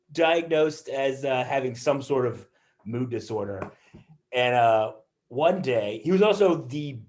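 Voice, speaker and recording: A male podcast co-host with a very lively, up-and-down voice. He asks his guest questions and tosses in playful jokes, in a loose comedy chat. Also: mid-range voice. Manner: joking, playful interviewer.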